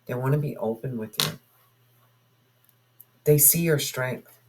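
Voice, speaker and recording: Tarot reader, spoken reading, musing, intuitive, slow pace, middle pitch. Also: noisy background. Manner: musing, asks spirit questions aloud, intuitive.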